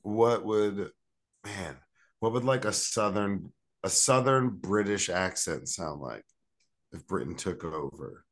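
A man's voice: deep voice, slow. A man co-hosting a podcast in casual chat, rambling with lots of slang, fillers and restarts. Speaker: podcast co-host.

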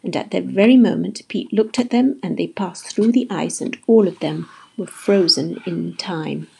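A woman narrates a children's storybook in an expressive telling voice, now and then dropping into a whisper. Her voice is gravelly and husky, with a rough, breathy texture. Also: fairly low pitch, normal speed.

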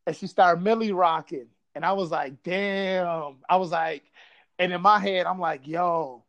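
A man's voice: high-pitched, steady tone, unhurried, fairly bright tone. A man from Buffalo telling a casual story, swearing freely and acting out quotes. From Buffalo, New York.

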